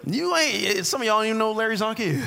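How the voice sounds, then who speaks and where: Speaking at a rapid-fire clip, this man has a high, gravelly voice, and a little hiss or hum sits under the audio. He's a pastor turning his sermon into a comic tale, animated and joking, trading banter with listeners and piling on asides. Long hall reverb surrounds it all.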